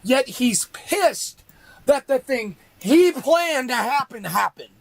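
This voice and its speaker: A man's voice: very high-pitched, big pitch swings, slow pace, creaky, dry recording, poor audio. A man ranting on a casual livestream, arguing with rhetorical questions and repeating his points.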